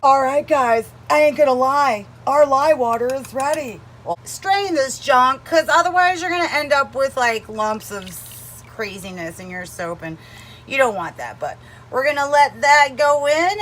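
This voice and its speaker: Rambly jokey woman doing a soap how-to in her kitchen, kinda high voice. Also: unhurried, fairly bright tone, a little hiss or hum. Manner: chatty, rambling, jokey asides to viewers. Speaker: soap-making vlogger. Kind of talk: casual how-to demo.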